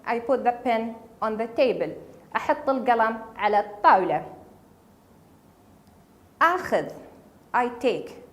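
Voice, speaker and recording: A woman's voice: fairly high pitch, very animated, a little fast, long pauses. A woman teaching a casual spoken language lesson, patiently repeating each word for learners. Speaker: Arabic dialect teacher.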